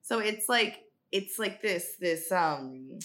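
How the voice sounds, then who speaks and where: A woman's voice: mid-range voice, expressive, takes it slowly, fairly bright tone, slight background noise. A woman co-hosting a podcast, chatting casually and expressively about a book, swearing and laughing along. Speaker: podcast co-host. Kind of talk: casual book-review chat.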